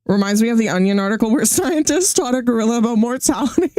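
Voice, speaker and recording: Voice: medium pitch, expressive, quick pace, hardly any pauses, mellow, dry recording. Streamer riffing on a robot video, goofy and rambly, dry close mic. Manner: jokey, rambling, laughs often. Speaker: VTuber streamer reacting to a video. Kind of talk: casual reaction stream.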